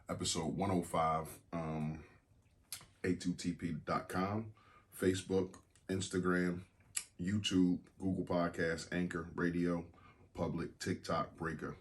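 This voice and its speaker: A man co-hosting a podcast in casual chat, laid-back and playful in his banter. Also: sits low. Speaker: podcast co-host.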